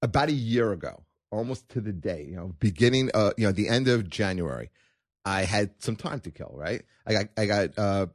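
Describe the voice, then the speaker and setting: A man's voice: lowish voice, lively intonation, normal speed, dry recording, clean studio sound. A man, a stand-up comedian and podcast guest, telling a story casually and emphatically, often checking in with "okay?".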